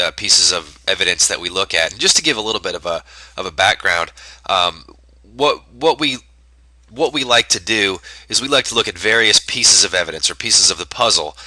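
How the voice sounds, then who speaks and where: Man, nasal, stuffy from a cold, slightly low pitch, very bright tone, dry close sound. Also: dry recording, low-quality recording. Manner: explanatory, frequent fillers and restarts. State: congested from a cold. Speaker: day trading educator. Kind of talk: market recap screencast.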